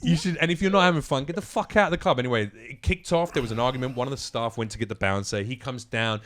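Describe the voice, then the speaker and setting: A man's voice: mid-range voice, quick pace, a bit bright, a little hiss or hum. A man, a guest comedian telling a story on a podcast in a casual, self-mocking way with lots of swearing.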